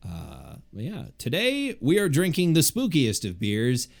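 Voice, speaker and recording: A man's voice: medium pitch, wildly swooping pitch, measured pace, vocal fry. A young man with a nasal voice, co-hosting a podcast in casual, rambling chat full of fillers and restarts. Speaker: podcast co-host.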